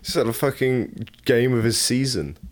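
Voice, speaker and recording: A man co-hosting a casual sports podcast, talking excitably in quick profane bursts. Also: mid-range voice. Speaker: podcast co-host.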